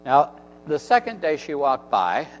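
A man's voice: a little high, wildly swooping pitch, a little slow, long reverb tail, faint music behind. A man preaching a sermon in an earnest way, repeating phrases for emphasis. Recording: dull recording with faint mains hum.

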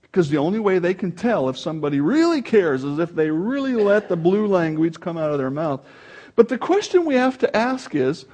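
Animated male preacher, lively pitch. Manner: animated, emphatic preaching with dramatic swings in loudness. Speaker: pastor. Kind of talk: sermon.

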